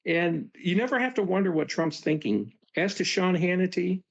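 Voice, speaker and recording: A man's voice: high-pitched, animated, normal speed, gravelly. Male co-host, casual and loose, with dull audio. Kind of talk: casual political talk.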